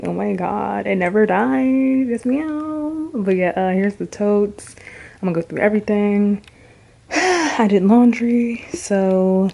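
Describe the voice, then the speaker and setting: A woman's voice: mid-range voice, gravelly, mellow. A young woman, out of breath and rambling with fillers as she casually vlogs from her bedroom. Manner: chatty, rambling, with many fillers. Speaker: vlogger. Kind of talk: casual chat.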